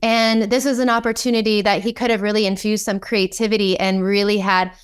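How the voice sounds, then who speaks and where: A woman guest recounts a story on a podcast, her voice smooth and resonant at a middle pitch. She talks in a lively, anecdotal way, scattering "like" and "um" through her sentences. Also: a little fast. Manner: lively anecdotal telling, frequent "like" and "um". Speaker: guest, kink educator. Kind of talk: storytelling in conversation.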